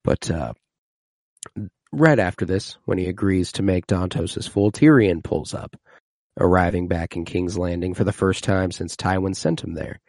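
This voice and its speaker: A man with a low, gravelly voice talks casually as a co-host, walking through scenes and quoting characters in playful voices. The sound is dry and close. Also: moderate pace, a little mellow, dry recording. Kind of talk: casual chat.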